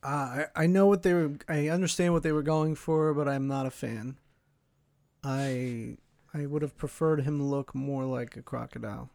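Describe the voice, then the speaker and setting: A man appearing as a guest on a podcast, talking in casual chat in a measured, hesitant way. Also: mid-range voice, steady tone, vocal fry, darkish tone, dry recording.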